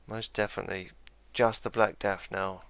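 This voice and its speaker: A man's voice: low voice, level tone, moderate pace, creaky, a bit bright, dry recording. A man musing aloud while playing a strategy game, correcting himself and adding dry asides. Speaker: let's play gamer. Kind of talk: casual game commentary.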